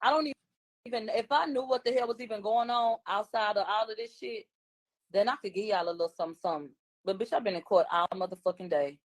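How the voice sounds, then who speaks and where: A woman's voice: medium pitch, fast, dry recording. A woman, a guest commentator on a livestream, talking bluntly and combatively in casual chat.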